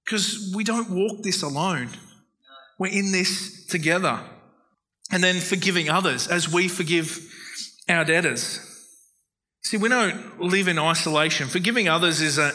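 A man preaching a sermon in an easy, conversational way and weaving in earnest personal stories. His voice is very bright and sharp-edged. It also sits a little higher than most men's. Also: normal speed, poor audio. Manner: earnest, storytelling, warm-hearted anecdotes. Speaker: pastor.

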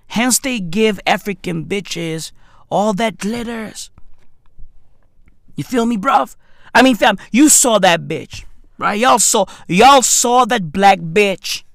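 A man in a rambling, profane rant who keeps asking "right?" and swings between loud outbursts and low mutters. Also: vocal fry, no room sound, clean studio sound.

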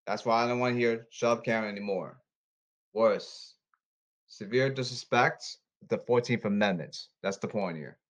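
A man podcasting alone in a repetitive, halting, pleading monologue. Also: on the low side. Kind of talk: rambling solo monologue. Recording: slightly dull lo-fi audio.

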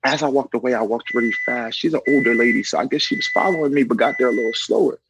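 A man's voice: medium pitch, quick pace, noisy background. A young man, a correctional officer, telling a personal story casually and acting out what others said. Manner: animated, acts out quoted dialogue; conversational, frequent "you know".

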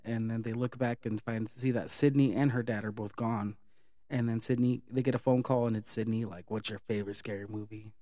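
A man casually retelling a horror movie plot, swearing freely and acting out quick lines of dialogue. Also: medium pitch, a little mellow, dry recording, clean studio sound. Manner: profane, laid-back retelling with quick acted quotes. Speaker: movie recap vlogger.

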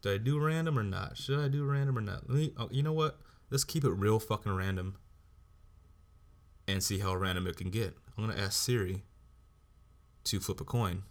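A man's voice: fairly low pitch, normal speed. A man hosting a solo podcast, ranting bluntly and swearing heavily as he talks. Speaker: podcast host.

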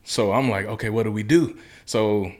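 A Memphis, Tennessee man with a somewhat low, slightly mellow voice speaks at normal speed. As an interview guest, he earnestly recounts a personal story in a casual, colloquial and vivid way.

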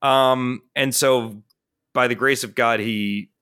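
A young man tells a story on a casual podcast, his voice bright and forward. He talks in an animated way, piles up fillers and swears freely. The recording is dry and close. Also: mid-range voice, slow pace, clear, resonant tone, no echo. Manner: animated and profane, with frequent fillers. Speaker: podcast co-host.

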